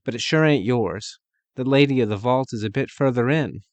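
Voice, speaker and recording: A man voicing a brash young woman who talks loud, sassy and colloquial. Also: medium pitch, moderate pace, dry recording, muffled recording, pitched above the performer's own voice, natural voice.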